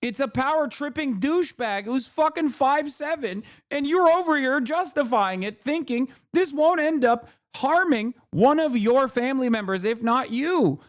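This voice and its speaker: A man in his thirties rants on a live stream, swearing constantly and stacking up angry rhetorical questions. His voice sits high for a man and stays sharp and heated. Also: animated. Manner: angry, profane, rapid-fire rhetorical questions. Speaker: political commentator streamer.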